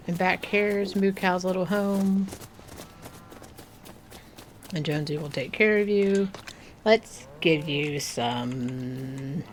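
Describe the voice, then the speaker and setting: Unhurried woman chatting over a game. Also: lowish voice, a little hiss or hum. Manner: chatty, talks to game animals in a cooing voice; slow, unhurried, drifts into soft near-whispers. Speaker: gaming video creator. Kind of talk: casual gameplay commentary.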